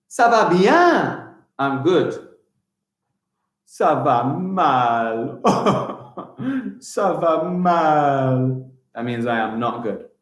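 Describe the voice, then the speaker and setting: A young man teaching a live online lesson to young children, with animated and exaggerated pronunciation. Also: medium pitch, echoey room. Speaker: primary school teacher.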